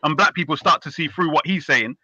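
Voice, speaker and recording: A brash man with a high, piercing voice runs a heated online debate. His delivery is mocking and he talks over others. The call audio is muffled and dry. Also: brisk, bright, forceful tone, no room sound. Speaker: host of a live online debate.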